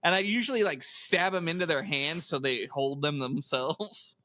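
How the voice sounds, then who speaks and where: A man's voice: a little high, normal speed, pushed and bright, no room sound. A young man co-hosting a podcast, chatting casually, laughing and swearing as he shares memories from growing up. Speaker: podcast co-host. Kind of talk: casual storytelling chat.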